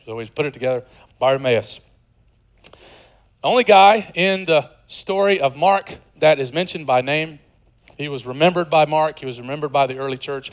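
A man in his forties preaching a sermon, shifting from loud and excited to soft and hushed, with conversational, joking asides. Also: on the high side, rough recording. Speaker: pastor.

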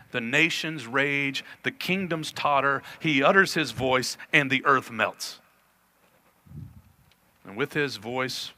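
Bright-voiced man preaching a sermon. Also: mid-range voice. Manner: earnest preaching, reads scripture aloud with emphasis. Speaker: pastor.

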